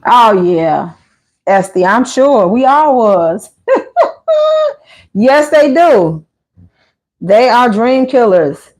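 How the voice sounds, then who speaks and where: Speaking slowly in a slightly high voice, a woman livestreamer tells stories and responds to live comments. Her chat is casual and sprinkled with lively asides in other voices.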